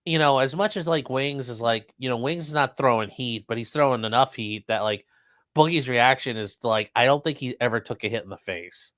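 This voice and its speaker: A man's voice: mid-range voice, fairly quick, fairly bright tone, dry recording. A man hosting a casual livestream chat, rambling and laid-back. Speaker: host.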